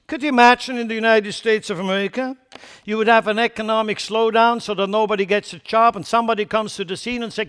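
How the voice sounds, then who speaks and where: High-pitched emphatic preacher man. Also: fast, smooth. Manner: emphatic, swings between loud declarations and quiet asides; blunt and scornful toward foolish ideas. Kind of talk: sermon.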